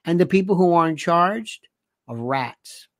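An older host giving an animated, indignant monologue, reading listener comments aloud and firing off rhetorical questions. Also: medium pitch, measured pace, no room sound, clean studio sound.

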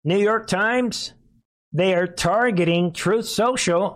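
A man hosting a political commentary show, talking emphatically with rhetorical asides and sharp rises in pitch. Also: slow pace. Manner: emphatic, rhetorical questions, animated pitch swings. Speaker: show host.

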